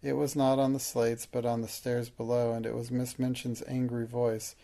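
A man narrating an audiobook in a steady, measured reading. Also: mid-range voice, gravelly.

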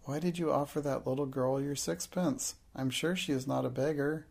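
A man's voice: mid-range voice, steady tone, moderate pace, vocal fry, a little mellow. A man reading as a decisive, knowing little girl. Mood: alarmed.

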